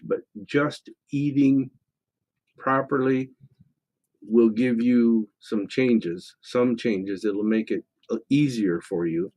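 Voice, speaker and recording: A middle-aged man co-hosting a psychic call-in show, reading out listener questions and answering them. He talks in a relaxed, rambling way with plenty of fillers and restarts. His voice sits in a middle pitch. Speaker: psychic radio show co-host.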